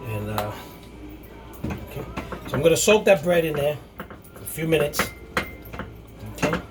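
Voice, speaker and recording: A man hosting a casual home cooking video, talking in a rambling, halting way with many restarts. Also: on the high side, animated, music in the background. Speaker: cooking show host.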